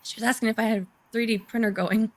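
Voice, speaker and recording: A woman with a somewhat high voice chats casually over a remote call. She explains legal points in plain, conversational terms. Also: steady tone, fast talker, a little mellow. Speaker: co-host discussing a court case.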